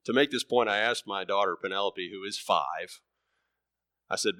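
A man in his thirties preaching a sermon, emphatic, repeating words and swinging between loud bursts and soft murmurs. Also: fairly low pitch, moderate pace, dry recording, clean studio sound.

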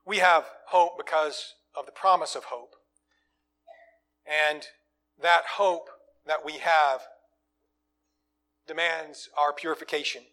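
A man preaching a sermon, swinging from loud, emphatic lines to quiet, low asides. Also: fairly even intonation, slow, long pauses.

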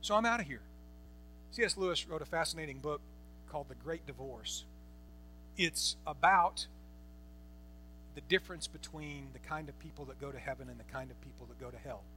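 A man's voice: on the high side, brisk, bright, forceful tone, a little hiss or hum. A man preaching a Bible-teaching sermon, emphatic, repeating phrases and asking rhetorical questions. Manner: asks the congregation rhetorical questions.

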